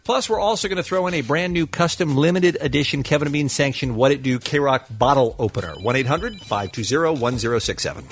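A man's voice: medium pitch, quick pace, few pauses, slight background noise. A man hosting a radio morning show, playful and leading a comedy interview. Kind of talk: casual radio banter.

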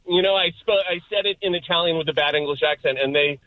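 A man's voice: sits high, level tone, quick pace, few pauses. A man calling in to a radio show to tell a story, talking with lots of fillers, heard over a phone line. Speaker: caller. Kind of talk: telling a story on a call-in show. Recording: dry, dull phone line.

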